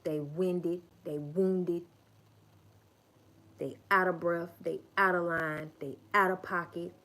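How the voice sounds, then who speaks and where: A woman's voice: lowish voice, steady tone, slow, pushed and bright. A woman hosting a livestream, giving an emphatic, profane and repetitive motivational talk. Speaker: livestream host.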